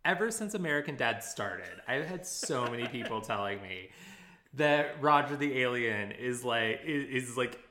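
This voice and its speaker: A young man co-hosting a casual podcast whose pitch swings around freely, with a bright, sharp edge. He drops wry, deadpan quips and speaks straight to the listeners. The recording is roomy and echoey. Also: moderate pace. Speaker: podcast co-host. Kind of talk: casual chat.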